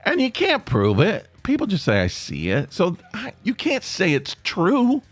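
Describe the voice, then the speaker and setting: A man's voice: high-pitched, huge pitch swings, measured pace, slightly rough, no echo. A man with an Appalachian accent, hosting his own podcast and talking in a rambling, self-correcting way with frequent chuckles. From East Tennessee. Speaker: podcast host. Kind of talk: casual monologue.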